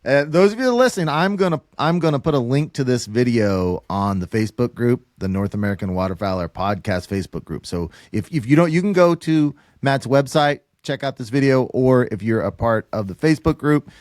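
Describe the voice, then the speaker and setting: A man's voice: mid-range voice, animated, fairly quick, hardly any pauses, a little mellow, no echo, clean studio sound. A man hosting a hunting podcast, talking earnestly with his guest and speaking directly to his listeners. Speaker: podcast host. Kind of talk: casual podcast interview.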